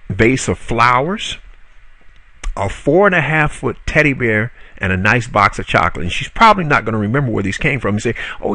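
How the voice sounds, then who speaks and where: Male marketing instructor with a gravelly voice and a dry, close sound. Casual and salesy, full of "uh"s and asides to the viewer. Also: fairly low pitch, pushed and bright, no room sound. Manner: conversational, frequent "uh" fillers and self-corrections; salesy, rhetorical questions to the viewer. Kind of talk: spoken video tutorial.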